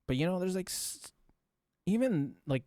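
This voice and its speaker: A man's voice: high voice, lively intonation, moderate pace, mellow, no room sound, clean studio sound. A man streaming a casual reaction commentary, rambling and talking straight to his chat while demonstrating voice tricks.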